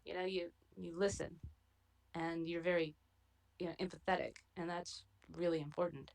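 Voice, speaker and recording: A middle-aged woman speaking warmly to her daughter as a podcast guest, gentle and affectionate with many fillers. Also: on the low side, fairly even intonation, normal speed, gravelly, rough recording. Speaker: guest, host's mother. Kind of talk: casual conversation.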